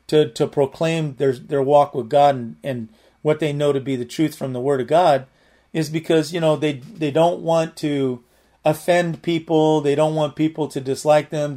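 A man with a slightly higher voice leads a casual, unscripted Bible study. He talks earnestly and plainly, circling back with restarts and filler as he works through a verse. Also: a little mellow. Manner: rambling, many restarts and "you know" fillers. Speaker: Bible teacher. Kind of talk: conversational Bible teaching.

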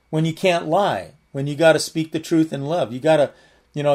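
Man, Bible teacher, conversational sermon style, slightly higher voice, earnest, rambling delivery with many restarts. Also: darkish tone. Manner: rambling, many restarts and "you know" fillers.

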